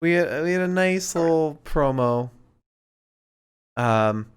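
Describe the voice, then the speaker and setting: Slow, smooth-voiced podcast co-host. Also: medium pitch, lively intonation. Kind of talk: casual wrestling recap chat.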